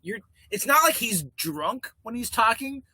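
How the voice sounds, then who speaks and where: A man co-hosting a podcast in casual chat, animated and laughing often as he talks things over. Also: very high-pitched, unhurried, no room sound. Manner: animated, quotes people in put-on voices, laughs often. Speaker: podcast co-host.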